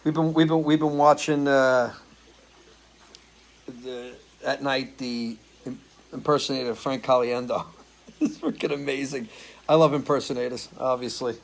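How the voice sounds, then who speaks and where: A man's voice: mid-range voice, steady tone, moderate pace, vocal fry, long pauses, low-quality recording. A man who sings and hosts a live stream, chatting loosely with viewers, answering their comments and swearing casually. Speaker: singer hosting a live stream.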